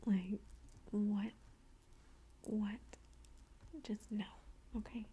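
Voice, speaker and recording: A woman's voice: mid-range voice, flat delivery, drawn-out words, background noise. A woman whispering a chatty ASMR ramble close to the microphone, full of "like" and "blah blah" asides. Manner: chatty storytelling, lots of "like" and "blah blah". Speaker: ASMR creator.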